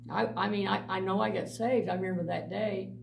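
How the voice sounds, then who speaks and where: A middle-aged woman giving a blunt, animated personal testimony to a church group, laughing often as she tells her stories. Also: medium pitch, brisk, creaky. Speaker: mission director. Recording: distant mic with faint background noise.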